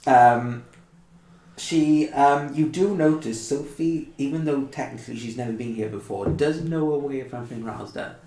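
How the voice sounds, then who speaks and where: A man at mid pitch, running a tabletop game in a loose, halting way with plenty of fillers. His voice bounces around an echoey room. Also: dark tone. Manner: casual, halting, many fillers. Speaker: game master.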